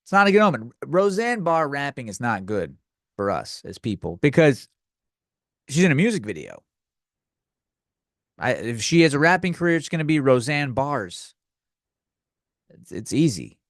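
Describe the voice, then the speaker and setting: A man rants his way through a comedy podcast, crude and sarcastic, tripping over restarts as he rambles. His voice sits at an ordinary middle pitch, recorded close and dry with no room sound. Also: sing-song, a little slow, pauses often, no room sound. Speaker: podcast host.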